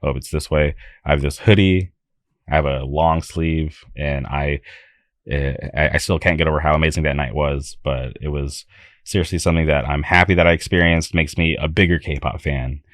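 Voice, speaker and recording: A man's voice: very deep voice, fairly even intonation, moderate pace, no room sound, studio quality. A young man hosting a podcast, talking in an enthusiastic, rambling way with frequent restarts. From California. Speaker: podcast host. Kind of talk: casual podcast talk.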